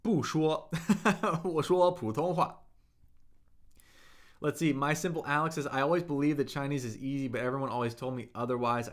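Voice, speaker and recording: A man's voice: mid-range voice, fairly bright tone. A young man teaching Mandarin on a livestream, reading chat comments and coaching with enthusiastic, hyped-up energy.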